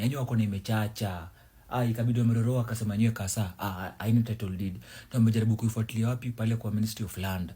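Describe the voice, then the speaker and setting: Raspy, fast-talking Kenyan man. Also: on the low side, mellow. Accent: Kenyan, Sheng slang. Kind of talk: street-slang social media rant.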